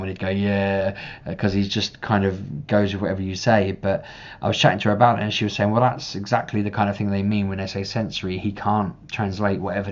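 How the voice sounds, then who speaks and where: A man's voice: sits low, lo-fi sound. A young man talking casually to camera as a parent vlogger, rambling and restarting his sentences often. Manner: rambling, restarts often, animated when reenacting.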